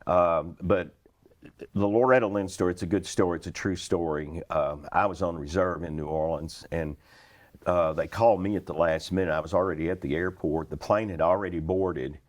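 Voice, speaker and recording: Deep-voiced Kentucky storyteller in his sixties. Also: normal speed. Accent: Western Kentucky. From Western Kentucky, USA. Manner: chuckles through stories, animated and folksy. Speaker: interview guest, retired flight attendant. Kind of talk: anecdotal storytelling.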